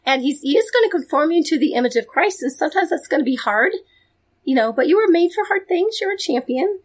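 A middle-aged woman giving informal devotional teaching, exuberant and playful, dropping into soft asides. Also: high-pitched, lively intonation, a little fast. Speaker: Christian teacher, podcast host.

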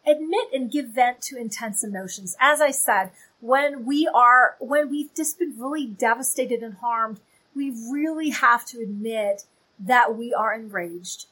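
A woman's voice: fairly high pitch, a little slow, fairly bright tone, poor audio. A woman giving a conversational, faith-based teaching. She is earnest and candid, often checking in with her listeners. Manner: earnest and candid, checks in with "okay?" and "you know". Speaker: Christian author and teacher.

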